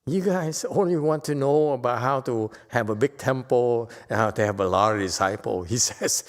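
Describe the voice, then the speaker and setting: A man giving a Buddhist dharma lecture in a temple hall, playful and teasing, jumping from loud emphatic lines to quiet asides. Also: mid-range voice, moderate pace. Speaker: Buddhist teacher.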